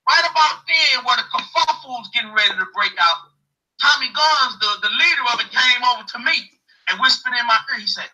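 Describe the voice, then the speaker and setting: A man telling a story on a talk show, animated and profane, acting out what other people said. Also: very high-pitched, brisk, breathy edge, poor audio.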